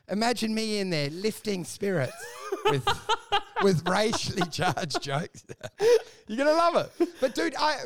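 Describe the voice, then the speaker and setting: A man, his voice high for a man and full of gravelly fry. He riffs fast on a comedy podcast, slipping into silly acted-out exchanges and swearing freely. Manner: animated riffing, acts out mock dialogue, swears. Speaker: podcast co-host. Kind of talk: casual comedic banter.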